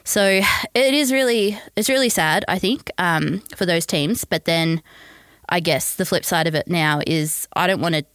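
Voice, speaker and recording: Low-voiced Australian woman, earnest guest. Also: normal speed, fairly bright tone, no echo, clean studio sound. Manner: earnest, hesitant, many ums. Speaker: podcast guest, football writer. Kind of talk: casual podcast chat.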